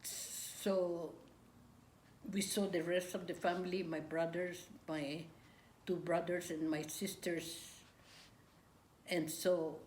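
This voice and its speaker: An older woman, recalling her memories in an interview, talking haltingly with restarts and pauses. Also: lowish voice, little pitch movement, a little mellow, slight background noise. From Philippines. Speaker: grandmother recounting wartime memories. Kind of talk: oral history interview. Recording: echoey room, faint ambience.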